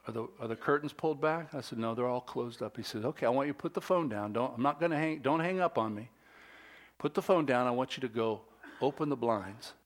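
A middle-aged man preaching a sermon at a middle pitch. He moves between raised, lively emphasis and soft, close, hushed storytelling. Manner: animated preaching that drops to a hushed, intimate storytelling voice. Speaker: pastor.

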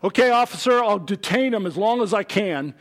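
A man voicing a stern man in a suit who scolds kids, with a sharp, slow delivery. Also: sits high, expressive.

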